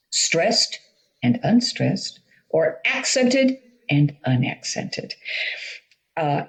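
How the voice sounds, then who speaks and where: Slow, deliberate woman teaching drama. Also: low-pitched, rough recording. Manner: deliberate, explains step by step. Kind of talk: instructional talk on performing Shakespeare.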